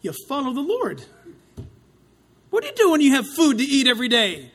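A man preaching a sermon, swinging between loud outcries and hushed asides, with a dramatic delivery. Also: very high voice, huge pitch swings, a little fast.

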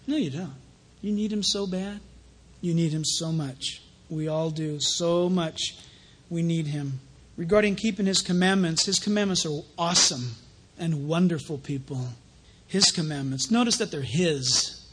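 A man preaching a sermon in a conversational, animated way, telling stories between scripture. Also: fairly high pitch, moderate pace, husky. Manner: conversational preaching with anecdotes, rising to animated emphasis.

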